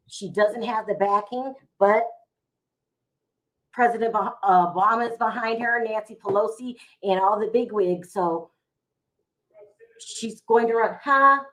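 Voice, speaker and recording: A middle-aged woman, speaking a little higher than most, chats live from home on a phone or webcam. Her talk is loose and emotional, and she addresses her viewers directly while she hunts for news. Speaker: vlog host going live. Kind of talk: casual live-stream commentary.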